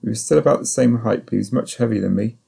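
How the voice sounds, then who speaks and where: A man narrating a first-person novel as an audiobook, in a measured, sombre storytelling voice. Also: fairly low pitch, vocal fry, mellow, slightly rough.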